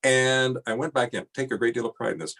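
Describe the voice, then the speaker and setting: An older man, a singer, telling stories in a relaxed interview, with frequent fillers and easy laughter. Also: mid-range voice, fast talker. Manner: chatty storyteller, many fillers, laughs easily. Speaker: guest singer and voiceover artist. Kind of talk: casual interview chat.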